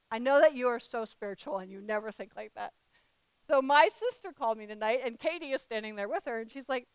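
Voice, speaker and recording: A woman preaching a sermon, telling a personal story with emphatic repetition and animated acted-out quotes. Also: high-pitched, fast talker, clean tone, dry recording, low-quality recording.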